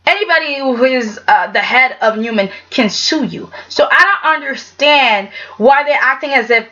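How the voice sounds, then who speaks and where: A woman's voice: high voice, lively intonation, moderate pace, pushed and bright, dull audio. A woman giving a casual, sassy vlog review of a soap opera, talking emphatically and tagging her points with "okay?".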